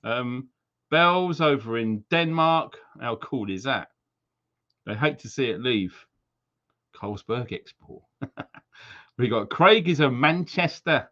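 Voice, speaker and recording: A man's voice: mid-range voice, animated, slow pace, long pauses, fairly bright tone. Chatty man hosting a live stream. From Wales. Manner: chatty, jokey, slips into silly accents. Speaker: livestream host. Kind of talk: casual live-stream shout-outs. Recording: slightly dull lo-fi stream audio.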